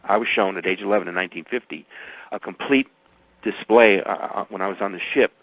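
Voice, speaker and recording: A man's voice: fast, no room sound. Emphatic older man on dry, dull radio. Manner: emphatic, rambling, with sudden jumps in pitch. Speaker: author and guest. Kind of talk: radio interview.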